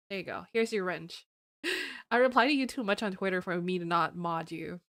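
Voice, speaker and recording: A young woman streaming as a vtuber, chatting casually and teasing her viewers with giggles, often slipping into a higher, cutesy greeting voice. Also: lively intonation, moderate pace, a bit bright, no room sound.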